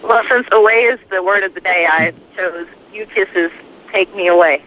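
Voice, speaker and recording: A woman's voice: mid-range voice, normal speed, bright, forceful tone. A friendly woman from North Carolina with a mild Southern accent, calling in to a radio show. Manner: friendly, upbeat. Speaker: caller. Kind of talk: casual phone call. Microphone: phone line. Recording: dull phone-line sound.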